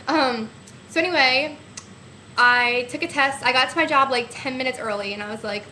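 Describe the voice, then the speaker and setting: A young woman telling a story to her webcam in a chatty, animated way, laughing often. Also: fairly high pitch, moderate pace, slight background noise. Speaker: vlogger. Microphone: webcam mic. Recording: echoey room webcam recording.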